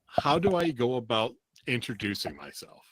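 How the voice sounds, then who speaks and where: A man hosting a comedy podcast, telling stories in an animated, self-mocking way and laughing often. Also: mid-range voice, normal speed, a little hiss or hum. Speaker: podcast host. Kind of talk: casual comedic chat.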